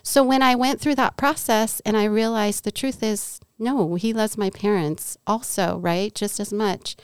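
Smooth, lively woman telling a story. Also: mid-range voice, unhurried, dry recording, clean studio sound. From Southern California. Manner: animated storyteller, acts out quoted dialogue. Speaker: podcast guest. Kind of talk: personal faith testimony.

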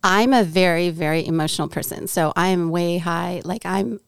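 A woman's voice: lowish voice, moderate pace, gravelly, clear, resonant tone, dry recording, clean studio sound. A middle-aged woman from Southern California, a guest telling a personal faith story and acting out what people said. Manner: animated storyteller, acts out quoted dialogue. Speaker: podcast guest.

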